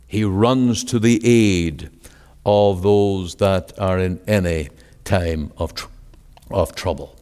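A man preaching a sermon. He quotes scripture in old-fashioned wording, rising to emphatic exclamations and then dropping to hushed, low words. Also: slow pace, clean tone. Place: meeting hall. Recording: long hall reverb.

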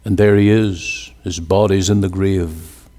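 A man preaching a sermon with emphatic delivery, climbing to fervent high peaks and dropping to hushed lows. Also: fairly even intonation, a little slow, long reverb tail.

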